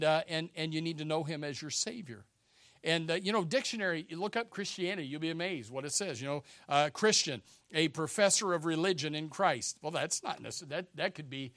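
A male pastor preaching a sermon, emphatic and repetitive, swinging between loud urgent declarations and quieter conversational asides. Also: fairly high pitch, dry recording, clean studio sound. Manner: many fillers and restarts, conversational preaching.

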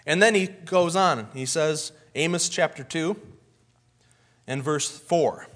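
Man preaching, folksy storyteller, slightly high-pitched. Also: slow, a bit bright. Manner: folksy storytelling, acts out scenes. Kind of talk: sermon.

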